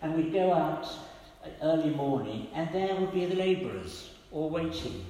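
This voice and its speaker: An older man preaching a sermon, telling stories gently and quoting the people in them. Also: fairly high pitch, expressive, moderate pace. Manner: gentle storytelling with quoted voices. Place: church. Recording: echoey church hall with long reverb.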